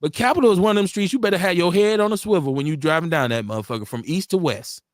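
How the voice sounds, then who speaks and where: A middle-aged Milwaukee man hosts a laid-back live-stream talk show, racing through street stories in blunt, profane slang. His voice is high-pitched, and a faint hiss or hum is present. He is a radio show host.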